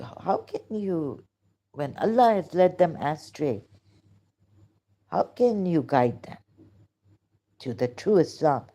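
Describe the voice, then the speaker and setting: Slow, low-voiced emotional woman. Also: warm tone. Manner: emotional, halting, with many pauses and restarts. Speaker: religious critic vlogger. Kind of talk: impassioned monologue.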